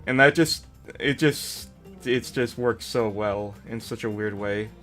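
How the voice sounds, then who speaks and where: A man's voice: on the low side, a little slow, a bit bright, faint music behind. Rambling, jokey man streamer. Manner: rambling, jokey, self-deprecating. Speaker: streamer host. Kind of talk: casual chat.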